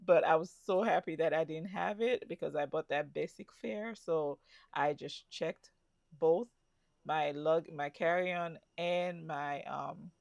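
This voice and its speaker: A woman's voice: deep voice, unhurried, creaky, darkish tone, no room sound, clean studio sound. A woman telling her travel story in a chatty vlog, with asides to the viewer. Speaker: travel vlogger. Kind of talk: casual travel vlog narration.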